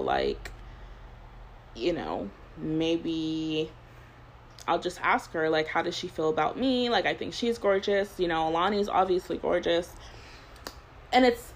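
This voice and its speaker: Chatty woman in her twenties, slightly low. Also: slight background noise, rough recording. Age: 20s. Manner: rambling storyteller, heavy use of "like"; laughs between thoughts. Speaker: podcast host. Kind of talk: casual chat.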